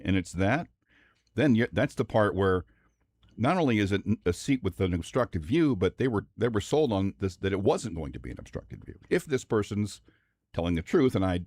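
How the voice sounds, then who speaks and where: A man co-hosting sports talk radio, talking in a measured way and hedging as he reasons aloud. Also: low-pitched, darkish tone, no room sound, clean studio sound. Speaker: radio co-host. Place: radio studio. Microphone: studio microphone.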